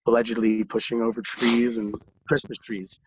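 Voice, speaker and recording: A man's voice: mid-range voice, flat delivery, normal speed, husky, dull audio. A young man telling rambling stories in casual chat, laughing through them and swearing a lot. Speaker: guest.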